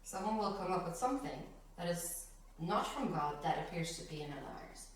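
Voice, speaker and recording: A woman's voice: lowish voice, a little fast. A woman leading a conversational Bible study, reading verses and laughing between them as she explains. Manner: animated, laughs between scripture lines. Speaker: Bible teacher. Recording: echoey room, distant mic.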